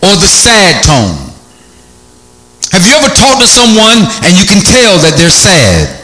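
A middle-aged man preaching an energetic sermon, shouting in bursts and acting out different tones of voice. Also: high voice, measured pace, roomy sound.

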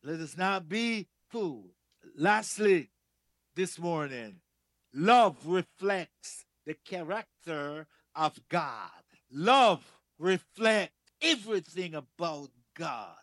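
A man preaching a sermon in a church, emphatic, repeating key phrases and swinging between loud declarations and soft asides. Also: high voice, lively intonation, slow pace, no room sound, studio quality.

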